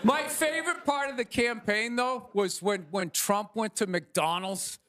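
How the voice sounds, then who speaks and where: A man in his fifties with a Boston accent, doing stand-up comedy with a loud, exasperated, ranting delivery on a stage before a live audience. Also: sits high, measured pace. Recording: live crowd laughter with noisy ambience.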